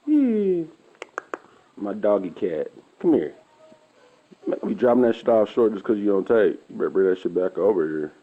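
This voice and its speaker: A woman talks to her pet at home. Her voice leaps from squeaky baby talk to low, cursing mutters. The tone is husky, and it sounds tinny through a phone. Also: big pitch swings, moderate pace, pauses often. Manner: swings between squeaky baby talk and low, swearing grumbles. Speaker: pet owner filming her cat.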